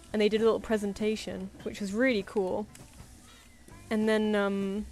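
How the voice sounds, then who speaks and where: A woman's voice: medium pitch, darkish tone. A young woman chatting casually on a drawing stream, telling anecdotes with frequent laughs and acted-out quotes. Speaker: artist streaming live commissions.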